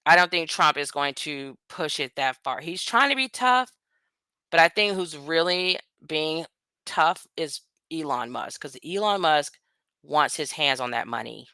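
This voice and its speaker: A woman's voice: deep voice, sharp tone, clean tone, no room sound. Blunt woman ranting on her vlog. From United States. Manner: blunt, profane, ranting, quick asides. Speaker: vlogger. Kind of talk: casual political commentary to camera.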